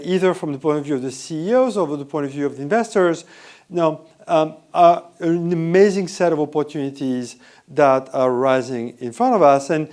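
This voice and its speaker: A man's voice: fairly high pitch, darkish tone. A man giving a conversational business keynote at a conference, with restarts and rhetorical questions. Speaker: conference speaker.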